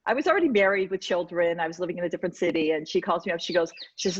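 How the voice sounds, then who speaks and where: A woman's voice: on the low side, rapid-fire, few pauses, a little hiss or hum. A woman educator guest in an interview, talking in an emphatic, persuasive way. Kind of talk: conversational interview. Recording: dull lo-fi dry sound.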